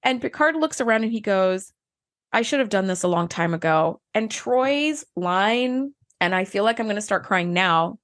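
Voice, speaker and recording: A woman co-hosting a podcast in casual chat, retelling scenes warmly and acting out the lines. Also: medium pitch, expressive, moderate pace. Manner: enthusiastic, heartfelt, retells scenes with acted lines. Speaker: podcast co-host.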